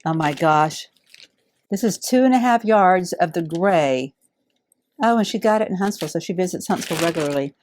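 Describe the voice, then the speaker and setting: A middle-aged woman, warmly unboxing donated fabric in heartfelt, awed casual chat. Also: lowish voice, expressive, normal speed, slight background noise. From Alabama. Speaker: quilting channel host.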